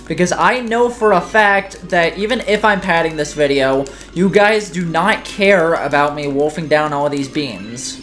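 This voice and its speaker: A woman's voice: fairly low pitch, big pitch swings, measured pace, fairly bright tone, soft background music. A woman hosting a let's-play, chatting casually over gameplay in a rambling, self-mocking way.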